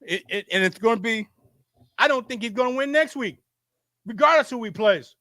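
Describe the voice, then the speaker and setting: A very high, bright, forceful male voice with lively intonation moves at a moderate pace, free of echo. He hosts a sports show and argues heatedly toward a camera, repeating himself insistently and stammering as he starts sentences over.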